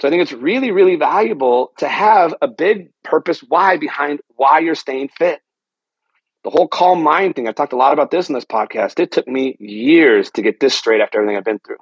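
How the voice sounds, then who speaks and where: A middle-aged man hosts a health podcast alone and speaks earnestly and reflectively. His voice is fairly high for a man, husky and gravelly. The sound is dry and a little dull. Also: fairly quick, no echo. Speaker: podcast host. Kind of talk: solo health podcast monologue.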